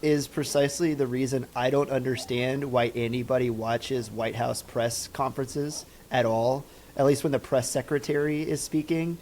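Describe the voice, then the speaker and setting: Male podcast co-host, mid pitch, wry joker who acts out little scenes. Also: normal speed, few pauses, a little hiss or hum. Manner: joking, animated storytelling. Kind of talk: casual political chat.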